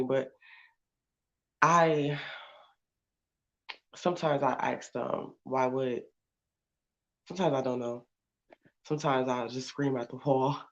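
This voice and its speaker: A woman author as a podcast guest, emotional and halting, often restarting her sentences. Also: rumbling low. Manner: halting, with many self-restarts. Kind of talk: podcast interview. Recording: muffled lo-fi audio.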